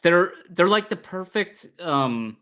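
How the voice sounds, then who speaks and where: A man's voice: high-pitched, lively intonation, slow, pushed and bright. A man co-hosting a casual podcast, rambling and self-deprecating as he tells stories. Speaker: co-host.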